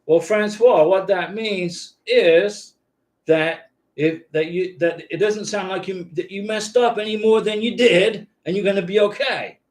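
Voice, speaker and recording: A man's voice: high-pitched, a little slow. A man hosting a live-stream visa advice chat from a home studio, answering viewers in a casual, reassuring way and often checking in with "okay?". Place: home YouTube studio with lights.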